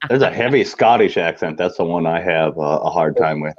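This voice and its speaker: A laid-back man trading jokes in a casual live-stream chat. His voice is very deep, and the audio comes through muffled and lo-fi. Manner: laid-back, joking, quick to laugh.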